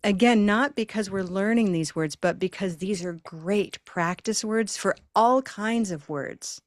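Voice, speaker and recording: A woman's voice: medium pitch, a little slow, no echo, clean studio sound. A woman hosting a live online pronunciation lesson, patiently drilling words in counted rhythmic beats over a video call. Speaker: pronunciation teacher and host.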